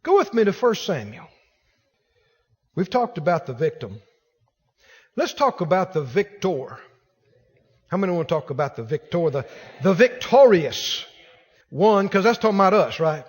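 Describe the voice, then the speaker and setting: Animated high-voiced man preaching in a hall. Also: normal speed, pauses often, breathy edge. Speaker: pastor. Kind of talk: sermon.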